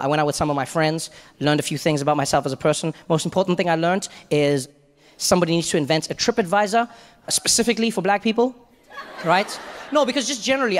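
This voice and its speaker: A young adult man from South Africa with a South African accent, telling stand-up stories in an animated, conversational way. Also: high-pitched. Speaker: stand-up comedian. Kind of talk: stand-up comedy. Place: stage in a large hall. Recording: echoey hall, faint crowd noise.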